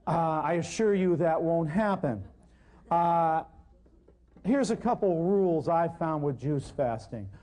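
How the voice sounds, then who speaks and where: A man lecturing on natural healing to a live audience, animated and joking, acting out exchanges with patients and hammering points home by repeating them. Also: fairly high pitch, takes it slowly. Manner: emphatic, repeats points for effect. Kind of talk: live seminar talk to an audience.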